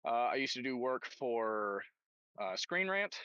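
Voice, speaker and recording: A man's voice: mid-range voice, sing-song, unhurried, a bit bright, smooth, lo-fi sound. A professional voice actor, a man, introducing himself in a friendly, rambling way with many fillers. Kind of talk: casual self-introduction. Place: outdoors on a street.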